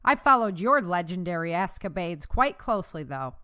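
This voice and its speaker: A woman's voice: fairly low pitch, big pitch swings, normal speed, pushed and bright, clear, resonant tone. A woman reading as an older male doctor with a German accent, speaking in a friendly, reassuring way.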